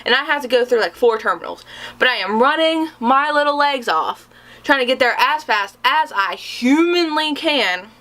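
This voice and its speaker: Young female vlogger, storyteller type; bright, slightly high voice, animated, self-deprecating humor. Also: normal speed. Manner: animated, dramatic storytelling with self-mocking sarcasm. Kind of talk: storytime vlog.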